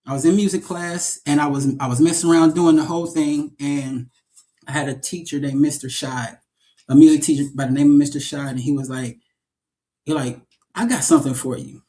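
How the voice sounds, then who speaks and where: A man talking casually in an interview about his own life. His voice sits a bit high for a man, and he tells his stories with animation, doubling back and repeating words as he builds up. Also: fairly even intonation, brisk, dark tone. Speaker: actor, interview guest.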